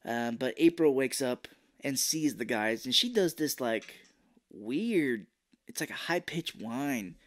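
A man's voice: medium pitch, takes it slowly. A man co-hosting a podcast, casually recapping a movie and slipping into silly voices. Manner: animated, slips into silly put-on voices. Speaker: podcast co-host.

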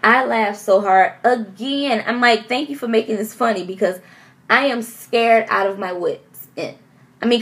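A woman from Detroit telling a story to her camera at home in a casual vlog, animated and expressive, laughing often and acting out what people said. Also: mid-range voice. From Detroit, USA. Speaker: vlogger.

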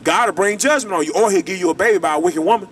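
A man's voice: sits high, very fast. A man preaching on an outdoor street, emphatic and repetitive in a colloquial way. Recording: distant mic, traffic noise.

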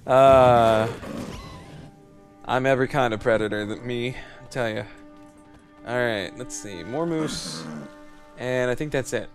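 A man giving casual let's play commentary, excitable and joking, swearing and laughing at the game. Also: medium pitch, slow pace, pauses often. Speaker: gamer. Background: game music.

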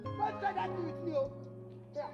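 A young actor with a Nigerian accent playing a brash, loud, teasing suitor who laughs and mocks. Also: male voice, very high-pitched, normal speed, lo-fi sound, over loud music. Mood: mocking loud. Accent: Nigerian English. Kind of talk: film acting.

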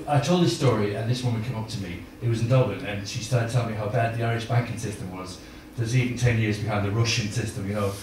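A man's voice: lowish voice, fast talker, hardly any pauses, background noise. A middle-aged man doing stand-up, telling rambling self-mocking stories with filler words, at a live gig. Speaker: stand-up comedian. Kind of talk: stand-up storytelling. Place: live comedy gig venue. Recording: echoey room from far off.

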